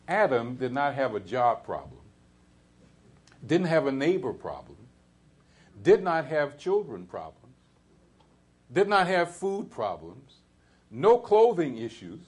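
A man preaching a sermon in a conversational way, pausing and restarting often, then climbing to emphatic high peaks. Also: husky. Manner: halting restarts and fillers. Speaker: pastor.

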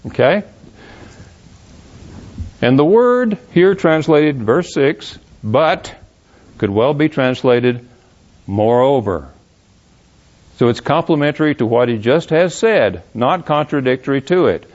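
A man's voice: medium pitch, expressive, slow pace, long pauses, darkish tone. A man teaching verse by verse from the Bible in an emphatic, questioning manner, rereading passages aloud. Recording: dull lo-fi recording.

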